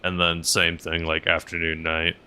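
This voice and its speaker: Deep-voiced, bright-toned male streamer. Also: completely flat delivery, normal speed, clean tone. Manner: rambling, filler-heavy, reads chat aloud. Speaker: game streamer and helicopter pilot. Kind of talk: casual livestream chat while playing.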